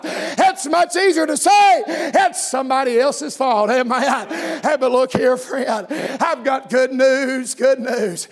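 A man preaching a revival sermon, hollering in a sing-song cadence and punctuating his lines with amens. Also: very high-pitched.

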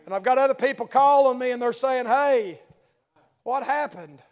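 A man's voice: very high voice, normal speed. A man preaching a sermon in church, building with repeated phrases and asides to the congregation.

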